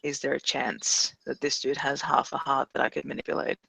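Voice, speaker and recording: A man's voice: medium pitch, flat delivery, brisk, gravelly, sharp tone, slightly rough, no echo, rough recording. A man playing a tabletop game, talking casually and hesitantly. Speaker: player.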